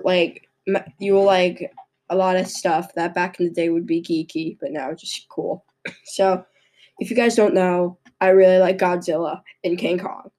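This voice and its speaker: Woman vlog host, slightly low voice, chatty and rambling. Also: warm tone. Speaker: channel host. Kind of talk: casual vlog chat.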